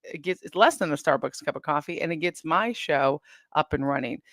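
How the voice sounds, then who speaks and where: A woman's voice: low voice, a little fast, fairly bright tone, no echo, studio quality. A woman hosting a casual livestream from her home, chatting straight to viewers and reading their comments aloud. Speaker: livestream host.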